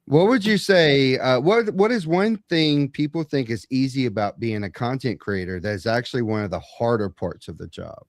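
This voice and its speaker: A man's voice: mid-range voice, expressive, normal speed, hardly any pauses, no room sound, studio quality. A man hosting a podcast, asking questions and affirming his guest often. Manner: supportive interviewer with frequent affirmations. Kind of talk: casual podcast interview.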